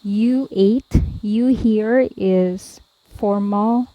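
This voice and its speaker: A woman tutor slowly explaining verb forms, pausing often and repeating each one. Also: mid-range voice, warm tone, no room sound, poor audio. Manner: deliberate, repeats each form, frequent "um" and "okay". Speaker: language tutor. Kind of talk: slow explanatory lesson.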